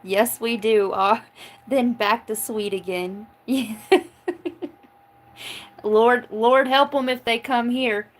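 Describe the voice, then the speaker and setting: A woman's voice: a little high, fairly even intonation, takes it slowly, rough recording. A chatty woman from Oklahoma hosting a live tarot stream. She talks in a loose, casual way, swears freely, cracks jokes and breaks into laughter often. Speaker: tarot reader reading live chat. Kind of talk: casual livestream chat.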